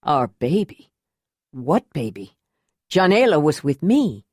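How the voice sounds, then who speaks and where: Woman narrator lowering her voice for a remorseful, panicky man in a storybook audiobook; slow, pleading, anguished. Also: big pitch swings, darkish tone, slightly rough, no echo, studio quality, heavily acted. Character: Jondalar, grown man, remorseful, panicky lover. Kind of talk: audiobook character reading.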